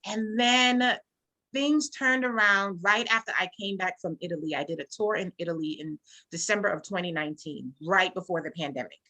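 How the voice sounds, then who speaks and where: A woman's voice: mid-range voice, moderate pace. A woman gospel singer and songwriter, guest in an interview, telling her story earnestly and acting out the conversations she recalls. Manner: earnest, animated storytelling, acts out quoted dialogue. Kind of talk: casual interview, personal testimony.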